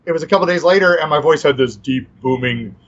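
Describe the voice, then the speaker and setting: A man's voice: fairly high pitch, fast talker, highs cut off. A man, an author guest in a casual interview, talking in a loose, rambling way with many fillers. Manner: rambling, full of fillers and restarts.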